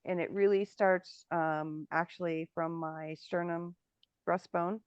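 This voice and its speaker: A woman speaks in a lowish voice, thoughtful and unhurried, feeling her way through each idea with small pauses. The sound is dry and dull, like a lo-fi home microphone with the top end gone. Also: steady tone, clear, resonant tone, no room sound. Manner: reflective, searching for words with frequent ums. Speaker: spiritual workshop co-host. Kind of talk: live Q&A discussion.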